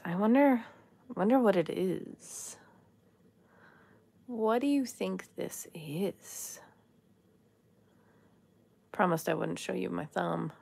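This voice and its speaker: Woman vlogger, low gravelly voice, unhurried and musing; casual haul chat. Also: darkish tone. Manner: musing, chatty, talks to the items. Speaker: thrift jewelry haul vlogger.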